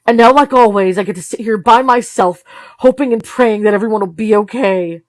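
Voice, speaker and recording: A tense, grieving mother with a clipped, intense delivery, pushed higher and louder than normal talk, as a woman reads her part. The read is dry and close-miked. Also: normal speed, dry recording, natural voice. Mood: distraught.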